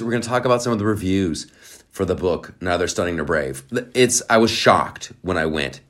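A man hosting his own podcast in a casual, playful monologue, drifting onto tangents and joking between loud bursts and quiet asides. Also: deep voice, lively intonation, fairly quick. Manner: playful, rambling, goes off on tangents. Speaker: podcast host.

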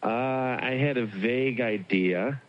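A young man called on the phone as a guest, answering in a dry, wry, measured way. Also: mid-range voice, dry recording, dull audio. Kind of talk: casual phone chat.

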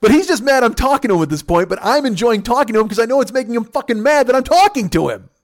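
A man telling a casual, profane story on a podcast, jumping up in pitch to mimic the people in it. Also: quick pace, dry recording, studio quality. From United States. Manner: animated, profane, mimics others with pitch jumps. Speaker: podcast host.

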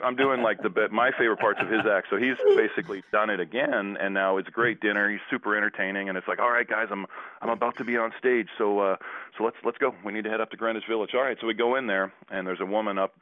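A man's voice: deep voice, no room sound. A Canadian man, a former basketball player, telling a rambling story with many restarts as an interview guest over a phone line. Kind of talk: casual anecdote telling.

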